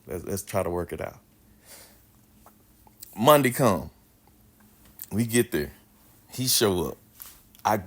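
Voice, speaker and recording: Animated man telling a story. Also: low voice. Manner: animated, slangy, swears freely. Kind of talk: casual storytelling.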